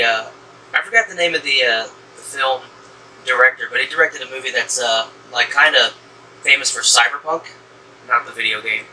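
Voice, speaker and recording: A man's voice: medium pitch, pushed and bright. A man from the American South hosting a casual movie review chat, rambling with lots of fillers and restarts. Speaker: horror movie reviewer, host. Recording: distant mic with faint room hum.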